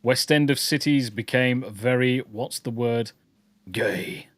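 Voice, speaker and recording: A man of middle pitch on a close, dry podcast mic, reading viewer comments aloud and tossing out offhand, wry reactions. His delivery is loose and conversational, with no room sound around him. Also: a little slow, dry recording. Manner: reads out viewer comments and riffs on them drily. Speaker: podcast co-host reading chat messages. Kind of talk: casual chat.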